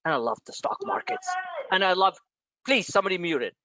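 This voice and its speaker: A man's voice: sits high, huge pitch swings, brisk, background noise. A man, a trading coach hosting a live member Q&A, who talks in a blunt and profane way straight at his listeners. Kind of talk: live online session, rambling rant. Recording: dull lo-fi, dry sound.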